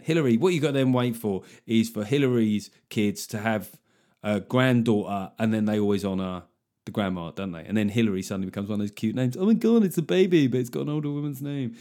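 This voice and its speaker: A man's voice: medium pitch, a little mellow. A man hosting his podcast, riffing and joking in casual chat, swearing freely. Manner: jokey, swearing, riffing on names. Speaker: podcast host.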